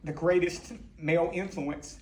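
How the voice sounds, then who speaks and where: A man in his fifties giving a halting, openly emotional tribute speech to his longtime boss. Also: fairly high pitch, steady tone, darkish tone, a little hiss or hum.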